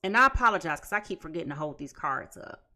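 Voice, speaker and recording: A woman's voice: sits low, lively intonation, fast talker, bright, forceful tone. A woman giving a casual tarot reading to viewers, emphatic and chatty, stacking repeated phrases and restarting often. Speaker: tarot reader.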